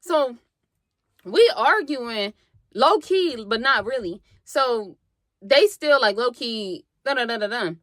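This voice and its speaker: A young woman telling a story on her vlog, animated and slangy with plenty of swearing, acting out what people said. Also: on the high side, slow pace, dry recording. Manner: animated, slangy and profane, acts out quotes. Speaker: vlogger.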